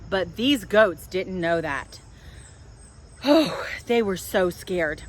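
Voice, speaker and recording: A woman reads a story aloud to children in a park, unhurried and playful, her bright voice swooping up and down with every dramatic pause. Faint outdoor sounds and distant traffic drift in behind her. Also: on the low side, animated.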